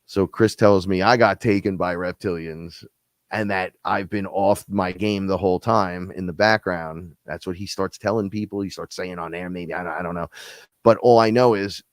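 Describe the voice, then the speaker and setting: A man with a very deep, low voice talks into a close mic in a dry, dead-sounding space. He rambles through stories with a loose, profane, animated delivery, like a live show host chatting to his audience. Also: normal speed, no echo. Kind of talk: casual spiritual talk-show monologue.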